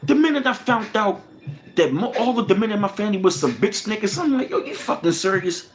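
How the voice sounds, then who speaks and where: A man hosting a livestream, ranting angrily and profanely with lots of repetition, swinging between loud bursts and low mutters. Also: expressive, brisk. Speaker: livestream host.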